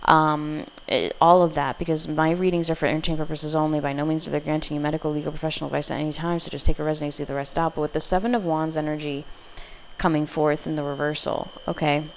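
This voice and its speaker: Brief: a woman doing a casual tarot reading, rambling and profane, with a gravelly low voice. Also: little pitch movement, fast, a little hiss or hum. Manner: blunt, profane, rambling, with acted quotes. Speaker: tarot reader.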